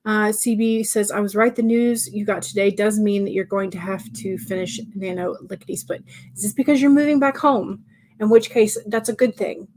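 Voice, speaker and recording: A woman hosting a writing livestream, casually reading out viewers' comments and answering them in a chatty way, sometimes dropping to soft murmurs. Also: medium pitch, moderate pace, slight background noise. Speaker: livestream host.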